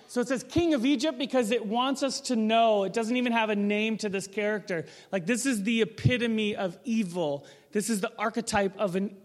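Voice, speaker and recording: A pastor with a high-pitched voice preaches a sermon casually and conversationally, putting rhetorical questions to the room. The sound has a big-room quality.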